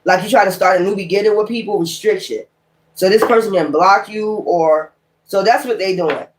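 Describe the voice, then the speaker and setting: A woman reading tarot cards in loose, rambling street slang. She comes across blunt and exasperated, swearing freely as she talks through each card. Her voice sits at an ordinary middle pitch. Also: normal speed. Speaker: tarot reader.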